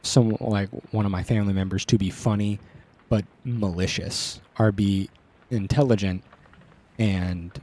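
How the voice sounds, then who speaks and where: A man's voice: on the low side, fairly even intonation, measured pace, warm tone. A man streaming a story game, rambling casually with crude jokes and lots of fillers. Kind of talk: casual let's-play commentary.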